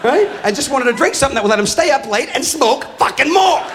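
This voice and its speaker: A man's voice: extremely high pitch, lively intonation, fast talker, very noisy. Ranting middle-aged male stand-up comic. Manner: loud, ranting, profane, acts out characters. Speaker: stand-up comedian. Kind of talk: stand-up comedy routine. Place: comedy stage before a live audience. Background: crowd laughing.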